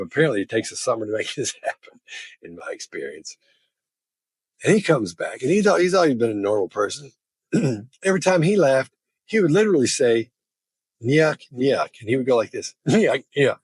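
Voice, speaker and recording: Husky-voiced chatty man. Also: mid-range voice, dry recording. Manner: chatty, laughs while telling stories. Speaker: body language expert. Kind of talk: casual storytelling.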